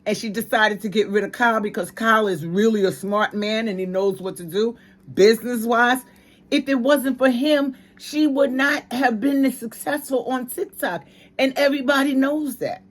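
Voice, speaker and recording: A woman's voice: fairly high pitch, moderate pace. Opinionated New woman ranting. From New York. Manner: emphatic, slangy, ranting. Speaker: commentary channel host. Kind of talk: opinionated commentary.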